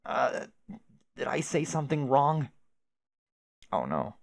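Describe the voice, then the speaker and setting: A man's voice: mid-range voice, very animated, takes it slowly, gravelly, no room sound, voice pushed up, heavily acted. A man voicing a chatty, oblivious young male adventurer who rambles with old-fashioned folksy exclamations. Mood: confused.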